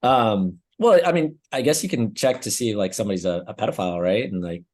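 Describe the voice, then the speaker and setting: A man's voice: on the low side, fast talker, darkish tone. Rambling young man telling a story. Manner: rambling storytelling with frequent fillers and swearing. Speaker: podcast co-host. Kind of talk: casual chat.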